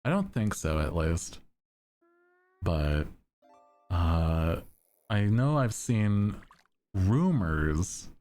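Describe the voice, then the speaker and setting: A young man streaming, chatting casually with his viewers in a deep monotone, laid-back and giggly as he reads chat. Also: drawn-out words, long pauses, faint music behind.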